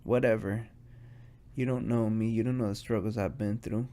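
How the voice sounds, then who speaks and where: A man with a lowish, warm voice speaks at a normal speed and steady tone while hosting his solo podcast high. The casual monologue drifts, full of swearing and self-mockery.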